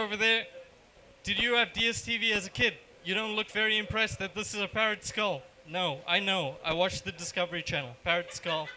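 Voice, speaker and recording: A man from Johannesburg with a South African accent doing a deadpan, self-deprecating stand-up set in a bar. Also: sits high, a little hiss or hum, low-quality recording. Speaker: stand-up comedian. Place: comedy bar stage.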